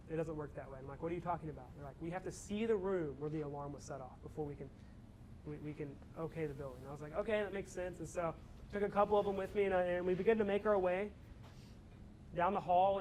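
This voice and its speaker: This is a young man with a fairly high voice, speaking to students as a campus ministry speaker. He tells a story with lots of energy and acts out the characters as he goes. There is a faint noise in the background of the recording. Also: fast talker, poor audio. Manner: animated storyteller, acts out his own shouting. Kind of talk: storytelling talk to a student audience.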